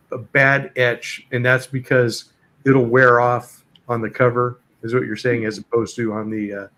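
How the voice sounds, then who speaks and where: Guy hosting a relaxed live chat, lots of uhs, easygoing, mid pitch. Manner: easygoing, hesitant with many fillers. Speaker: host. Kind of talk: casual livestream chat.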